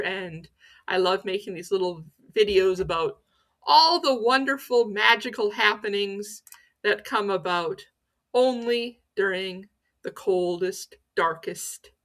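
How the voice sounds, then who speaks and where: This is the pagan folklore channel's female host, speaking in a mid-range voice with a slightly bright quality. Her storytelling is educational yet playful and theatrical, sprinkled with jokes at her own expense.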